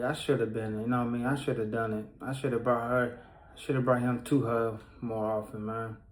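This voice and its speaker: A man's voice: mid-range voice, a little mellow. A man shares a painful story from his life in loose, casual speech. He rambles and restarts, with a somber, hurting undertone. His mid-range voice bounces around an echoey room. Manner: rambling, heavy with fillers and restarts; somber, pained retelling of a loss. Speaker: person sharing a personal story.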